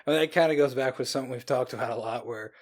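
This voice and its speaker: A man's voice: mid-range voice, very fast. A man with a mid-range voice co-hosting a casual book podcast. He jokes around and laughs often, keeping the tone light. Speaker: podcast co-host. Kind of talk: casual book discussion chat.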